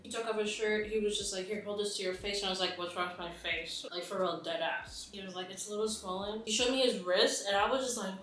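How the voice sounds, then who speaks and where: A woman's voice: mid-range voice, quick pace, few pauses. A young woman telling a personal story in a casual vlog, with lots of fillers, acting out the lines she quotes. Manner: animated, acts out quotes, many fillers. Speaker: mukbang vlogger. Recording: very echoey room.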